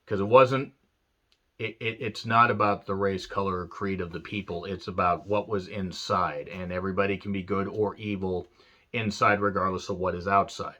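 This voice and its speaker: A man's voice: deep voice, fairly even intonation, moderate pace, bright, forceful tone. A man reviewing an old wrestling show in a casual, rambling rant, earnest and full of fillers.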